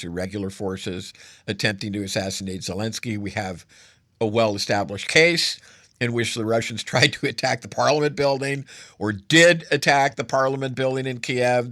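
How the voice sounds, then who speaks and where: A man's voice: on the low side, a bit bright, no room sound, studio quality. A man hosting solo political commentary, sarcastic and emphatic, stacking up adjectives as he argues.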